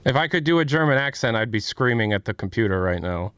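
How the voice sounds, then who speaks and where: A man's voice: medium pitch, expressive, fast talker, fairly bright tone, clear, resonant tone, no room sound. A man hosting a casual livestream, rambling as he answers chat questions. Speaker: streamer and host.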